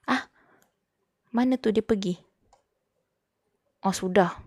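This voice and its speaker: A woman's voice: medium pitch, expressive, slow, no echo, studio quality. A young woman with a Malaysian accent, chatting casually and giggling on a livestream as she studies, switching between languages mid-sentence. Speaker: VTuber streamer. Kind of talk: casual livestream chat while studying.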